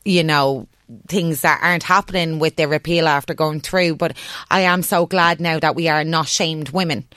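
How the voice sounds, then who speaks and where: A young Irish woman speaking as a radio guest, earnest and emotional, sometimes halting. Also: sits low, steady tone, a bit bright, dry recording, clean studio sound. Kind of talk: emotional interview talk.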